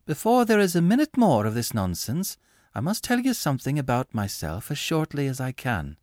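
A man reading aloud voices a sharp, impatient young woman who works in a shop, speaking briskly and with exasperation. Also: medium pitch, wildly swooping pitch, no echo, clean studio sound, voice pushed up. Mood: earnest.

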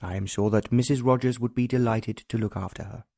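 A man reading an audiobook, voicing a tender and protective English nobleman who speaks quietly and earnestly. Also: medium pitch, fairly even intonation, a little fast, vocal fry, no room sound, clean studio sound. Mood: tender, resolute. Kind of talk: audiobook narration.

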